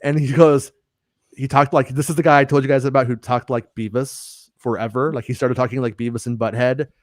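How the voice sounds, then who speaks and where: A man hosts a casual live-streamed podcast in a mid-pitched voice, often stammering and restarting before he lands a joke. His voice sounds dry and close to the mic, with no room around it. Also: fairly even intonation, brisk, dry recording. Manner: stammering restarts, joking rants. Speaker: podcast host.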